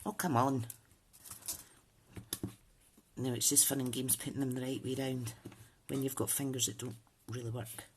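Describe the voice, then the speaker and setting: A woman's voice: rumbling low, little pitch movement, a little fast, a little mellow, slight background noise. A woman hosting a casual crafting tutorial, chatting and thinking aloud with frequent ums. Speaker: papercraft channel host.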